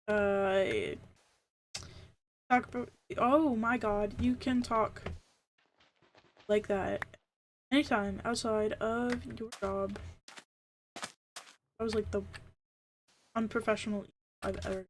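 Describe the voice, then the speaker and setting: A woman's voice: mid-range voice, slow, long pauses, slight background noise. A young adult woman streaming a game, chatting casually and rambling with lots of fillers. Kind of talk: casual chat while gaming.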